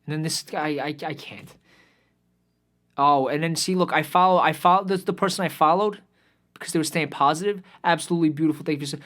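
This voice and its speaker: Young male host, slightly high voice, exasperated profane rant trailing into tired mumbles. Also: brisk, fairly bright tone. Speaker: podcast host. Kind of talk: ranting commentary.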